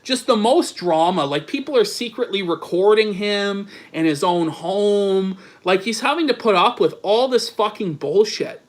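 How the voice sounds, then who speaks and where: A man's voice: high voice, expressive, measured pace, hardly any pauses. A man giving sarcastic, profanity-heavy online commentary, reading messages aloud with incredulous asides, his voice a bit strained from long talking. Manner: sarcastic, swears a lot, incredulous.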